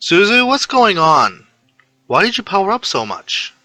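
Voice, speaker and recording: A man voicing a furious bubbly young woman hero who makes demands over the phone, shrill and loud. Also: sing-song, normal speed, no echo, full character voice. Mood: worried.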